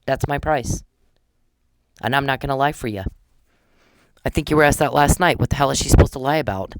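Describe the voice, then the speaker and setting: A woman's voice: rumbling low, fairly quick, no room sound. Furious profane woman ranting. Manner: profane, confrontational, addresses an absent man directly; repeats lines for emphasis, stumbles when upset. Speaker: vlogger. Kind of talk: angry direct-to-camera rant.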